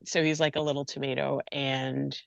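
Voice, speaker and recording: A woman with a lowish voice talks with raw, pleading intensity, near tears as she explains what helps and what hurts. The sound is dry and slightly muffled, with no room around it. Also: measured pace, a bit bright, no echo. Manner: earnest, impassioned, pleading. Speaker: grief and loss coach, guest. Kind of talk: emotional personal interview talk.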